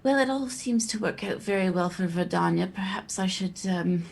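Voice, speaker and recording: A woman's voice: mid-range voice, normal speed, gravelly, a little mellow. A woman voicing a frugal, temple-raised woman making a wry remark in a tabletop game. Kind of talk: tabletop role-play voice.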